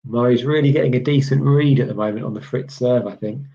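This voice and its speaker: Man calling tennis on a live stream, casual play-by-play, rambling with fillers, middling pitch, slightly dull lo-fi audio. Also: quick pace. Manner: chatty and rambling, reading viewer chat, many "um"s.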